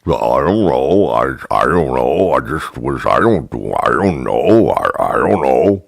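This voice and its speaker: A man putting on a dim, mumbling bartender who plays dumb, in a low, evasive mutter. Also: sing-song, measured pace, gravelly, no room sound, clean studio sound, exaggerated voice.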